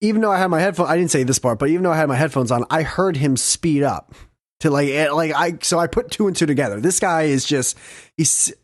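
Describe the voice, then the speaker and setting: Young male podcast host, excitable and profane, higher voice, dry close sound. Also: quick pace, no room sound. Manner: swearing, excitable, laughs often. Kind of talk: casual storytelling chat.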